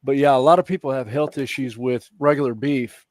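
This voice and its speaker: A man's voice: medium pitch, brisk, a little mellow, no echo. A man in his thirties with a Southern American accent, rambling through a casual chat. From North Carolina, USA. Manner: rambling and chatty, with frequent restarts and laughs.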